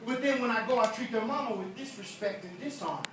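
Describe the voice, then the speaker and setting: A middle-aged man preaching in church with emotional force, swinging from hushed asides to shouting. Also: very high voice, fast. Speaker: pastor. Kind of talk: energetic sermon. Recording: echoey hall from far off, noisy.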